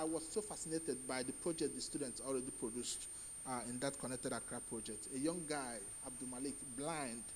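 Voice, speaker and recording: Nigerian man giving a halting speech. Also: medium pitch, in a large hall, a little hiss or hum, low-quality recording. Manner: halting, many fillers and restarts. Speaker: conference speaker. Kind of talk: conference speech.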